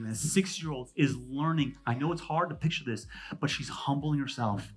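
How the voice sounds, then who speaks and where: A man in his thirties, a pastor from California, preaching a sermon. He jumps between loud, emphatic lines and hushed asides, with quick, conversational humor. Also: a little high, soft background music.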